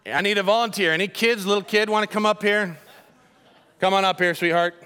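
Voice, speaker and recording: A man preaching a sermon as a pastor, telling the story in an animated, joking way and talking directly to the congregation. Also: sits high, a little fast, clear, resonant tone.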